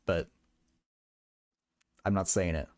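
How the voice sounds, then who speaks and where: A man's voice: deep voice, steady tone, slow pace, a little mellow. A young man livestreaming while he does math homework, chatting casually and often stammering and repeating words.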